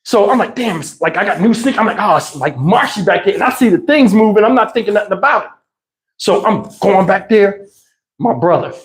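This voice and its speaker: A man's voice: high-pitched, fairly quick. A man hosting a livestream, telling a childhood story in casual slangy talk and acting out the voices, on a lapel mic. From New Jersey. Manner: animated, slangy, acts out voices. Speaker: host. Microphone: wireless lapel.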